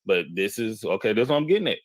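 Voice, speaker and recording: A man with a fairly low voice tells a story in casual talk, full of restarts and sudden jumps in pitch. The sound is dry and close, with no room around it. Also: rapid-fire, dry recording. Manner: animated, repeats himself, jumps into quoted voices. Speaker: podcast host telling a story.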